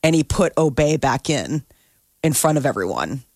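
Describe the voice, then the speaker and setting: A woman's voice: low voice, moderate pace, husky, dry recording, clean studio sound. A woman co-hosting a radio show, telling stories in a casual way and acting out the people she quotes. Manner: animated storyteller, acts out quotes. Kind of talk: casual morning radio chat.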